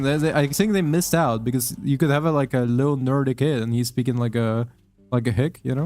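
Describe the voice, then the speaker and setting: A young man rambles through his gaming commentary, cursing freely and tripping over restarts and fillers. His voice sits at an ordinary middle pitch and sounds close and dry, with faint game music behind him. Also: fairly even intonation, a little fast, a little mellow, dry recording. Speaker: gamer commenting while playing.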